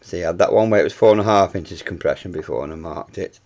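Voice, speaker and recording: A man's voice: low voice, fast, darkish tone, muffled recording. A British man talking through a home science experiment, chatty and thinking aloud as he reads off measurements, and swearing freely. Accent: British English.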